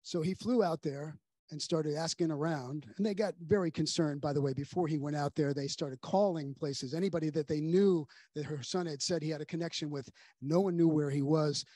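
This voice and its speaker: Male pastor, earnest sermon storyteller with a higher, husky voice that hushes for grave moments. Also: a little fast, dry recording. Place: church sanctuary.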